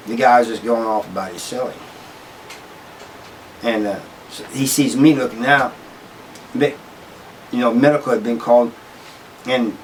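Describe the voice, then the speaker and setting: A channel host casually tells a prison story, rambling with frequent restarts and "you know" asides. His lowish voice sits far from the mic, and the rough recording carries slight background noise.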